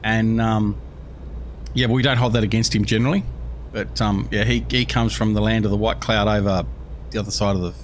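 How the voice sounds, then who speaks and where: A man's voice: fairly low pitch, steady tone, fairly quick, slight background noise. An Australian man hosting a livestream, rambling and joking as he reads out chat messages. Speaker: livestream host.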